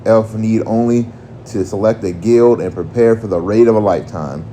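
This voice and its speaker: A man's voice: lowish voice, normal speed, warm tone, slight background noise, close to an everyday voice. A man voicing a grandiose male game master at a fantasy role-play event, speaking in theatrical, old-fashioned phrases. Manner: theatrical, archaic speech.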